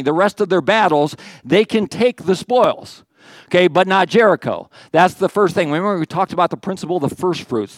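A male pastor preaches in a relaxed, conversational manner, slipping in jokes and frequent checks with his listeners. His voice sits a little high for a man. The sound is dry and close. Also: no room sound. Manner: conversational, joking asides, frequent "okay". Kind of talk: sermon.

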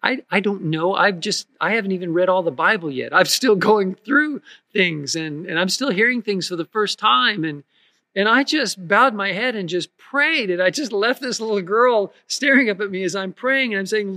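A middle-aged man preaches with earnest force and keeps doubling back on his words. His voice sits high and bright for a man, and the recording is close and dry, with no room around it. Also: moderate pace, no room sound. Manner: earnest, emphatic preaching with frequent repeated words. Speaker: pastor. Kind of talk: sermon.

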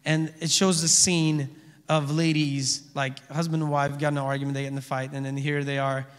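A man's voice: on the high side, level tone, moderate pace, clear, resonant tone. A pastor giving a conversational sermon, often checking in with his listeners by asking "amen?" and "okay?". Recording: reverberant hall.

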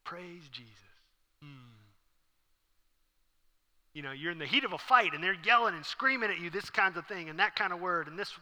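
A pastor preaching a sermon with a casual, joking manner, asking the congregation questions. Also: male voice, high voice, fast talker, hardly any pauses, sharp tone. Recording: long hall reverb.

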